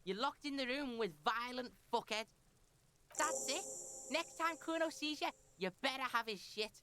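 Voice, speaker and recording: A woman's voice: sits high, normal speed, noisy background, natural voice. A woman voicing a foul-mouthed, brash young boy with a Liverpool accent in a video game, who talks about himself in the third person.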